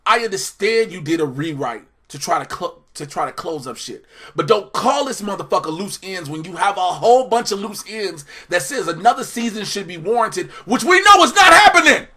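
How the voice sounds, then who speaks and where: A young man hosting a TV review show, ranting in a profane, animated way. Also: high voice, normal speed, hardly any pauses, breathy edge. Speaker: host.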